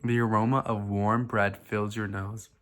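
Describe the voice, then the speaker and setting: A man reading a silly fan fiction aloud for his vlog, in a deadpan, mock-dramatic way. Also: on the low side, measured pace. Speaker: vlogger.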